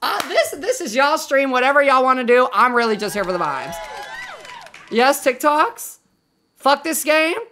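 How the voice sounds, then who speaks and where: A woman game streamer chatting casually while she plays, expressive, swearing freely and cooing affectionately to her viewers. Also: sits high, normal speed, slight background noise. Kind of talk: casual live-stream chat while gaming.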